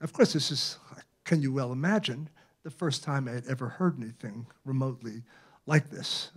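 A man's voice: medium pitch, moderate pace, slightly rough. An elderly man in his eighties from Brooklyn, an author giving an anecdotal public talk in a library, conversational and checking in with the audience often. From Brooklyn, New York. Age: 80s. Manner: conversational, tags many phrases with "right?". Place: library event room.

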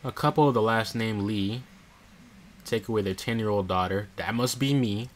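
A man's voice: fairly low pitch, normal speed. A young man casually narrating a let's play, talking to himself and reading in-game notes aloud. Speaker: gameplay streamer.

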